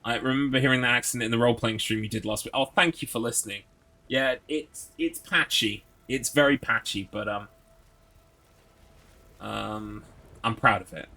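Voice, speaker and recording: Male streamer, chatty and sarcastic, sweary, bright tone. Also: medium pitch, normal speed, vocal fry. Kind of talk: casual gameplay commentary.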